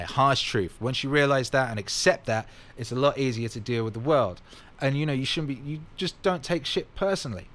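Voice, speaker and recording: A man's voice: medium pitch, fairly bright tone. A man hosting a casual livestream Q&A, answering viewer questions in a blunt, emphatic way and swearing freely. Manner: repeats catchphrases.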